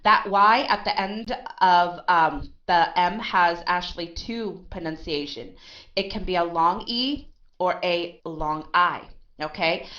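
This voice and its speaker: A woman's voice: lowish voice, bright, forceful tone. Woman teaching pronunciation, lo-fi recording. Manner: explains step by step, ends phrases with okay; asks and answers her own questions. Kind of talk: recorded online lesson. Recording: dull lo-fi sound.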